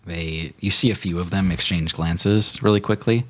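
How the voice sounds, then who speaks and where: A man narrating as game master in a casual, animated way with many fillers. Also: deep voice, moderate pace.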